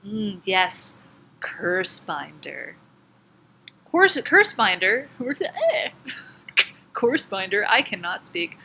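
Brief: unhurried woman podcast co-host, rambling and giggly, faint room hiss. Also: medium pitch, wildly swooping pitch, bright, forceful tone. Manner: rambling, giggly, swears casually. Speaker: podcast co-host presenting bands. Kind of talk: casual chat.

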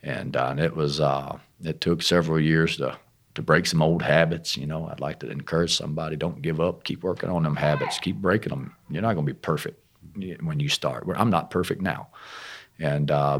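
A man, a missionary guest, telling his testimony in a folksy, rough-spoken and animated way. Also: rumbling low, a little fast. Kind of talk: casual testimony storytelling.

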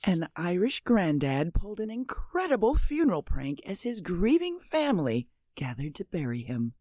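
A woman's voice: on the low side, very animated, normal speed, mellow, no echo. A woman co-hosting a comedy podcast, laughing as she reads out news stories. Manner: laughing, reads with mock voices. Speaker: podcast co-host. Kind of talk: casual chat, reading news stories. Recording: dry, dull lo-fi audio.

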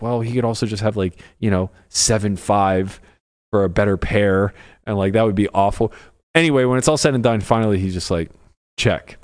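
A man's voice: on the low side, a little mellow. A young man on a podcast, casually telling a poker story, swearing freely and acting out both sides of the hand. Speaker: podcast co-host.

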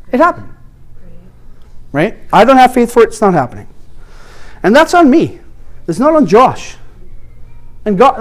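A man teaching a workshop, telling his own story with animated, acted-out dialogue that swings between hushed asides and loud bursts. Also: high-pitched. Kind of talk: testimony-style teaching talk.

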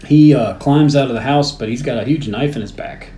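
A man co-hosting a podcast, walking through a film's plot step by step with casual pauses. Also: medium pitch, warm tone. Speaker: podcast co-host. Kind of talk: casual chat, recapping a film. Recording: echoey room, faint background noise.

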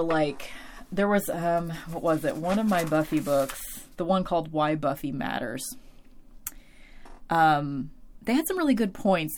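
Low voiced woman ranting casually about a tv episode, lots of likes and ums, curses a bit. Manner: opinionated, animated, swears and laughs, many fillers. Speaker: TV episode reviewer. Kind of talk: casual commentary recap.

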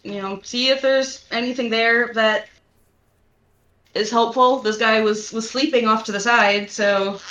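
A woman's voice: fairly high pitch, steady tone, measured pace, bright, forceful tone, muffled recording. A woman playing a tabletop game, chatty and a bit unsure, swearing casually. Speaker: player.

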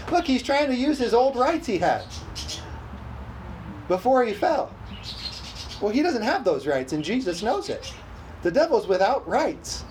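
A preacher in full sermon mode, mid-pitched and emphatic. The delivery keeps asking the congregation for amens and hammers home key phrases by repeating them. A faint hiss sits under the voice. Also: very animated, normal speed, a little mellow. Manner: emphatic, calls for "amen?" responses.

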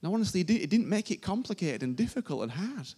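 During a church service, a man preaches to the congregation informally and emphatically, repeating his phrases. His voice is high and husky with a dark tone, big pitch swings, and a quick pace.

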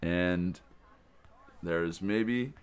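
A man's voice: sits low, very slow, slight background noise. A man, a camp director, telling the story of arrival day in a rambling, enthusiastic way. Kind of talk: casual spoken recap of the day.

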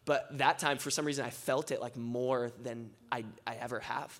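A man's voice: medium pitch, steady tone, moderate pace. Young man telling testimonies, filler-heavy. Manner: casual, filler-heavy storytelling with many "like"s; rising, impassioned closing prayer. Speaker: speaker at a church gathering. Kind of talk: testimony sermon.

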